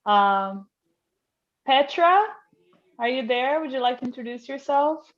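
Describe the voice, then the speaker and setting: A woman's voice: high-pitched, expressive, measured pace, highs cut off. A woman hosting a casual panel over a video call, welcoming each guest in turn. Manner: warm, welcoming, a little emotional. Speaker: panel host.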